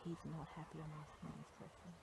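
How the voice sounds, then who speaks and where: A woman working as a psychic medium, gently asking a spirit question after question at a graveside in an outdoor cemetery. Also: low-pitched, level tone, fast talker, vocal fry. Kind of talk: spoken séance at a graveside. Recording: outdoor noise behind the voice.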